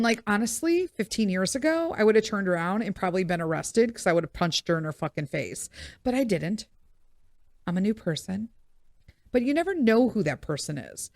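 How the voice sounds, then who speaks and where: A middle-aged woman hosting a podcast, telling a story in a blunt, swearing, animated way. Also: medium pitch, dry recording, clean studio sound. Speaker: podcast host. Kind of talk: casual storytelling monologue.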